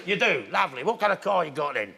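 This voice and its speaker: A man's voice: on the high side, expressive, fast talker, vocal fry, sharp tone, heavily acted. A comedian playing a smarmy, wheeler-dealer minicab boss, talking in oily salesman patter. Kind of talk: comedy sketch.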